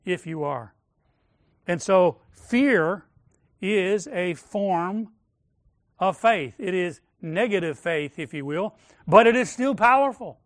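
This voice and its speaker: Male preacher, high voice, slow deliberate sermon delivery, emphatic with hushed drops, dry close sound. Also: lively intonation, no echo. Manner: measured, emphatic, dropping to near-whispers on key words.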